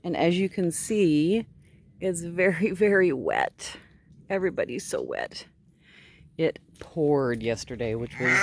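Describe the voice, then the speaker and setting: A woman's voice: low-pitched, animated, a little slow, long pauses, a little hiss or hum. A woman sheep farmer chatting casually outdoors in her sheep pen, cooing baby talk to her animals in between. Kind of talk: casual vlog talking to animals.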